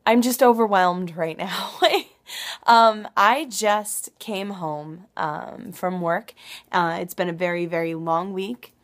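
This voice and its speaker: A young woman talking at home in a personal video diary, emotional and halting, with many pauses and restarts. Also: on the low side. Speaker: vlogger.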